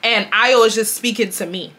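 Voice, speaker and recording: Bright-voiced young woman telling a story. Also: fairly high pitch, normal speed. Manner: animated, slangy and profane, addresses viewers as y'all. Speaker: storytime vlogger. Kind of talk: casual storytelling.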